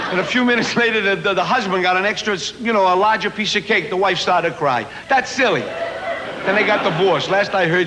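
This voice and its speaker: A middle-aged man doing a chatty, self-mocking stand-up comedy monologue built on punchlines. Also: high voice. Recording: noisy old 1970s TV recording.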